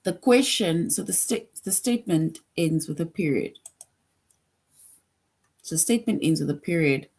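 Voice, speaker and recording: A woman's voice: low voice, expressive, measured pace, long pauses, a little mellow, slightly rough. A woman teaching a grade school grammar lesson, patient, repeating each point and often checking in with "right?".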